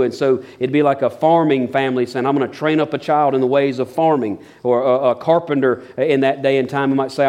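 A middle-aged pastor preaching a sermon in an earnest tone. His voice sits at a medium pitch, and he often repeats a word as he restarts a thought. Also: darkish tone.

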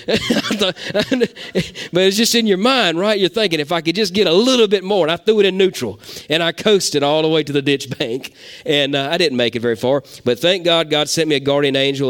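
Folksy preacher, smooth voice. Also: male voice, fairly high pitch. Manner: folksy storytelling, animated preaching. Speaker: pastor. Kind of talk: sermon.

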